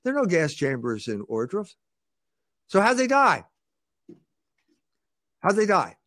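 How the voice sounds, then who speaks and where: In a dry recording, a male interview guest makes his case unhurriedly, his high voice a bit bright and swinging hugely in pitch. He argues through rhetorical questions and stumbles into sentences by repeating words.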